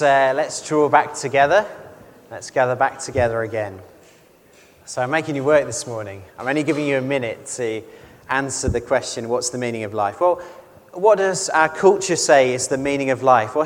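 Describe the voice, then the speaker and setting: A man preaching a conversational sermon in a measured way, often putting questions to the congregation. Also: mid-range voice, long reverb tail, a little hiss or hum. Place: church.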